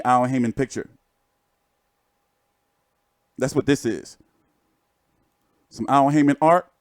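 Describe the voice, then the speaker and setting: A man's voice: medium pitch, slow, pauses often, dry recording. A man hosting a boxing livestream, chatting loosely and cracking profane jokes while showing pictures. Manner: joking, profane, rambling show-and-tell. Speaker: boxing channel host. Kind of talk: casual livestream chat.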